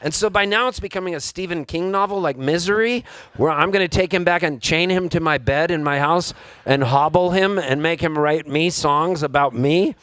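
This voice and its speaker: A man with a slightly raised pitch tells a rambling, excitable story to a live audience at a music venue. He throws himself into the voices of the people he quotes. His voice comes through a stage microphone with a dry, close sound. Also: moderate pace, clean tone, dry recording. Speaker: singer-songwriter performing live. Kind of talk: storytelling between songs on stage.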